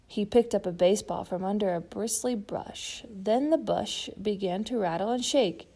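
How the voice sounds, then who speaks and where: A woman narrating a children's storybook in a gentle, steady way. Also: medium pitch, normal speed, creaky, few pauses, breathy edge. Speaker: storybook reader.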